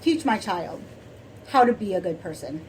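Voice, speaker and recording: A woman co-hosting a podcast, chatting casually in a soft, rambling way with many fillers and restarts. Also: lowish voice, expressive, normal speed, noisy background. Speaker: podcast co-host. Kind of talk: casual chat.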